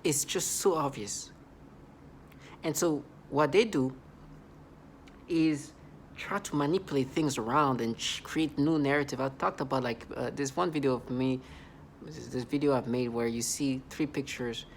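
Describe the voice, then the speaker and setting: A man with a medium-pitched voice vlogs at a measured pace, slight background noise audible behind him. His monologue rambles and sounds agitated, full of restarts and repeated words, and he laughs in disbelief.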